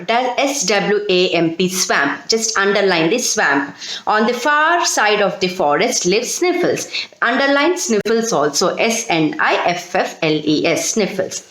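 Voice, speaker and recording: A woman's voice: medium pitch, fairly bright tone, echoey room, rough recording. A woman teacher, reading a story to students and spelling out words letter by letter as she dictates. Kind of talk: recorded online class lesson.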